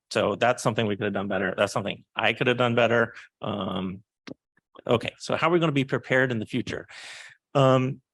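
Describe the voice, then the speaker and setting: Brief: man, mid pitch, dry sound, candid and halting panel answers. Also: creaky, a bit bright, no echo. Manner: candid, halting, quick asides. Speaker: researcher on a panel.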